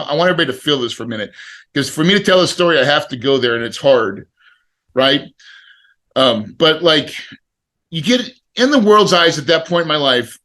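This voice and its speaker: A middle-aged man spins a story with a bright, forceful tone and a voice that sits a little high for a man. He speaks casually and acts out the lines of the people in his tale. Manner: animated, acts out quoted dialogue. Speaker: podcast guest.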